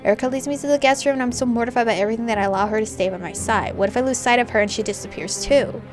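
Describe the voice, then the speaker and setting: A young woman gamer reading a story game aloud, her fairly high voice swinging from quiet narration to loud excited reactions. Faint game music plays underneath. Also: racing.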